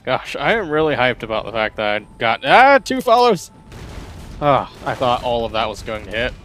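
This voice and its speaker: A man's voice: mid-range voice, brisk, a bit bright, slight background noise. A man casually chatting and rambling as he streams a pirate game, often laughing at himself. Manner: chatty, rambling, self-deprecating. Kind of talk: casual gameplay commentary.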